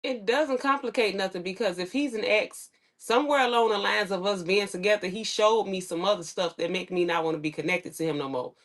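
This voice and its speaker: A woman co-hosting a podcast in casual chat, outspoken and animated, often acting out what other people might say. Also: medium pitch, brisk, hardly any pauses. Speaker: podcast co-host.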